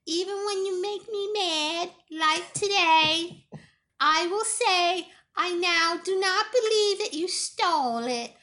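A sassy young female pet dog with a very high, piercing, bright little voice, as a man puts her on. She argues and pleads in an overly dramatic, emotional way, then turns gushingly sweet. It sounds like a comic talking-pet bit. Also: takes it slowly, exaggerated voice. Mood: tender.

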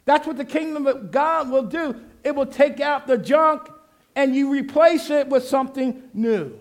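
A pastor preaching, leading the congregation in call and response and shouting out his refrains. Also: very high voice, unhurried. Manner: exhorting, shouting refrains, laughing asides.

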